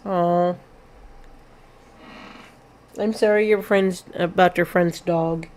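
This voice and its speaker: A woman's voice: fairly low pitch, steady tone, takes it slowly, darkish tone. A young woman giving rambling, sentimental commentary on a game as a let's play host, with many fillers. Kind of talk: casual gameplay commentary.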